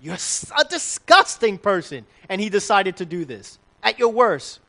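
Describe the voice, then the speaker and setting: A man's voice: high voice, very animated, moderate pace, bright, forceful tone. A man preaching a conversational sermon, putting questions to the congregation and restarting his sentences often. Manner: conversational, asks the audience questions, frequent restarts.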